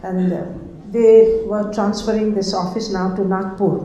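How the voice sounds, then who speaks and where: An older woman reminiscing about her past in a halting, casual way, repeating words and laughing often. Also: medium pitch, level tone, warm tone, lo-fi sound, slight background noise. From India. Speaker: storyteller recalling her past. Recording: very echoey room.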